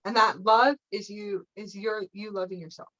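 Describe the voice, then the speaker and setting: A woman's voice: medium pitch, steady tone, moderate pace, fairly bright tone, dull audio. A woman leading a live spiritual teaching session, meandering through her points, often checking in with "okay?" and breaking into playful laughter.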